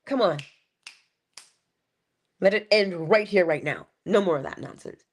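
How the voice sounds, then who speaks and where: A woman's voice: on the low side, animated, measured pace. A woman hosting a live-streamed inspirational talk, speaking in a preacherly way, greeting viewers by name, her voice congested. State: congested, coughing.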